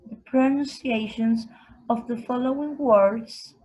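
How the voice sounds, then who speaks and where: A woman teaching vocabulary, saying each word twice, slowly and with careful enunciation. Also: on the high side, warm tone, low-quality recording. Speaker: English teacher. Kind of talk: slow vocabulary lesson with repetition drills.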